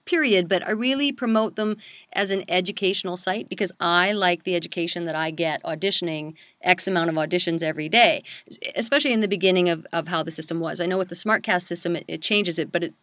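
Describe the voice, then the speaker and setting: A middle-aged woman hosting a casual chat about voice-over work, animated and quick to laugh. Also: on the low side, dry recording. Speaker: voice-over coach and host.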